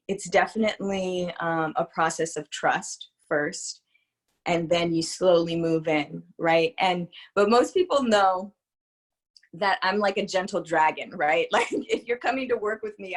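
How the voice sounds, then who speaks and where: A woman speaking as an interview guest and spiritual psychologist, talking candidly in a reflective, hesitant way with many pauses. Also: fairly low pitch.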